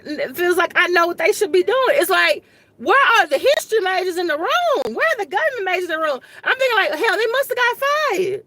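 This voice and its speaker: A high-pitched woman with a bright, sharp voice talks straight to her viewers in casual political commentary. She is an exasperated, rambling history teacher, colloquial and fond of "y'all". The sound is dry and close. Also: animated, fairly quick, dry recording.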